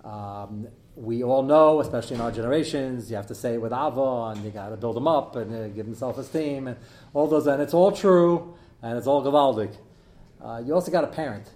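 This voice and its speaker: A middle-aged man teaching a live class as its rabbi, animated and joking, with many fillers as he digresses. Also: mid-range voice, fairly quick, reverberant. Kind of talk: live lecture to an audience.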